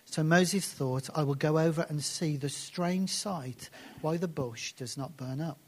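A man preaching a sermon and reading scripture aloud, slowing down and dropping to soft, hushed phrases for emphasis. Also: on the high side.

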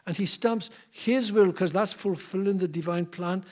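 Brief: preacher, high voice, animated storyteller, repeats himself. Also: male voice, moderate pace. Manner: animated, repetitive restarts. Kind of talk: sermon storytelling.

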